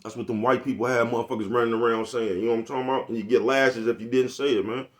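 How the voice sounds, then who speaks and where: A man's voice: mid-range voice, steady tone, rapid-fire. A man, talking casually and profanely to his camera, rambling and asking "you know what I'm talking about?" over and over. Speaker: vlogger.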